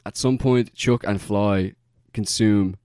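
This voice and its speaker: A young man in a loose podcast chat, his voice sitting low and recorded dry and close. He rambles through a story, stacking fillers and breaking into laughs. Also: fairly even intonation, slow pace, darkish tone, smooth, dry recording. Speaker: podcast co-host. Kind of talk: casual chat.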